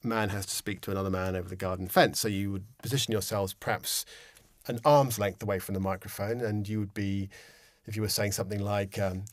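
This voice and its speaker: A man teaching microphone technique in a relaxed, explanatory way, with frequent ums and restarts, recorded on a studio condenser microphone. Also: fairly low pitch, a little fast, no room sound. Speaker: instructor. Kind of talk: casual instructional explanation. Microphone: studio condenser microphone with pop shield.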